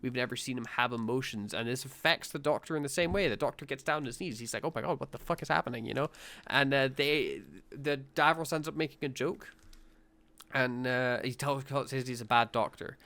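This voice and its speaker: A man co-hosting a podcast, chatting casually in a relaxed way, dropping swear words and lots of fillers. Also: medium pitch, a little fast. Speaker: podcast co-host. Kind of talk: casual review chat.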